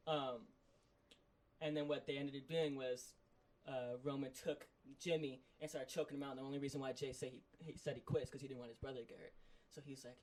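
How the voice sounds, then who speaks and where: Male podcast co-host, rapid rambling recap, mid pitch. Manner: excited rambling recap full of "like". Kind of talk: casual chat.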